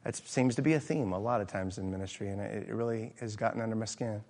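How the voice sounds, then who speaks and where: A middle-aged pastor preaching an earnest sermon, often pausing with fillers and restarts. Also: male voice, on the low side, a little mellow. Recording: hall reverb.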